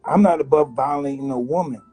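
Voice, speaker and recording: A man in his fifties from the United States, a guest in an interview, telling blunt, animated stories and acting out other people's voices. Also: a little high, a little fast, husky, soft background music, poor audio. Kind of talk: candid interview storytelling.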